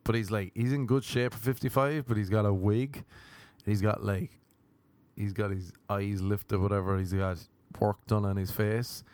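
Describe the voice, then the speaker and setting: A man's voice: fairly low pitch, steady tone, normal speed, a little mellow, no echo. A young Irish man hosting a podcast, telling crude, rambling stories in a casual monologue. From Ireland. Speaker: podcast host.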